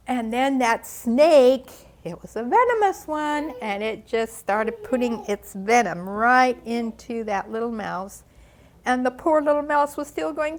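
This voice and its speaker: An older woman telling a story dramatically at a ministry gathering, gasping, sighing and stretching out the suspense. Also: fairly high pitch. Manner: dramatic, with gasps, sighs and drawn-out pauses. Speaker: ministry speaker. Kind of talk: animated children's storytelling. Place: church gathering.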